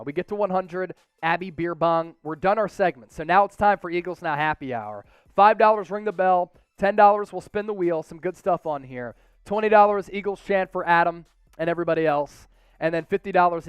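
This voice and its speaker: A man with a Philadelphia accent hosting a casual live sports stream, excitable and hyping viewer donations with loud outbursts. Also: sits high, clear, resonant tone, dry recording. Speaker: sports show host.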